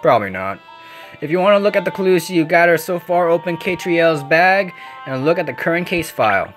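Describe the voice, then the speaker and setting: A man hosting a casual let's play, reading game text aloud with joking asides. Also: fairly high pitch. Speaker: gaming channel host.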